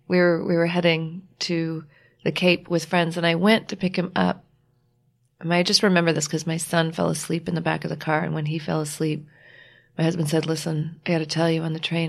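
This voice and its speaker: A woman author, a guest in an interview, telling a personal story in an earnest, halting way with many restarts. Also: lowish voice, creaky.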